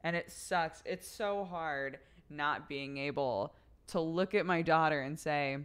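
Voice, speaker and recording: A woman's voice: low-pitched, unhurried, sharp tone, clear, resonant tone. A young adult woman livestreamer telling a story in casual chat, swearing freely along the way. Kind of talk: casual chat to a live audience.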